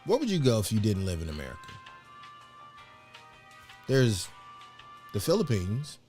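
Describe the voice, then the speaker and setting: Rambling slangy man, lively pitch. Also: measured pace, soft background music. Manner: rambling, slangy, full of fillers. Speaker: host of a live show. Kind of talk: casual livestream chat.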